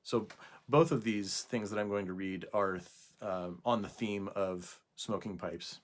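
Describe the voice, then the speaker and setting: A man talking casually to camera indoors for a video response, hesitant, with frequent pauses and fillers. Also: fairly low pitch. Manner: hesitant, with many fillers and restarts. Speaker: YouTuber making a video response. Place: indoors at night.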